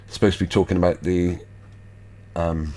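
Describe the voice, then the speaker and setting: Man, very low voice, skeptical host, rambling commentary, lots of fillers. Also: little pitch movement, moderate pace, a little mellow, a little hiss or hum. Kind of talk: casual commentary over video clips.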